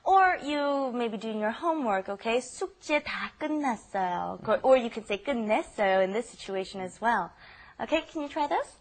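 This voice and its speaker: A woman's voice: fairly high pitch, animated, fast. A woman teaching a language lesson, explaining phrases patiently and checking in with "okay?". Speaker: Korean teacher co-hosting a lesson podcast.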